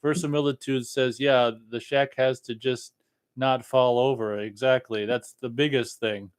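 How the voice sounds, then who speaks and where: Casting: man, podcast co-host, middle pitch, friendly, stumbles over restarts. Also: fairly even intonation, moderate pace, clean tone. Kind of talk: casual chat.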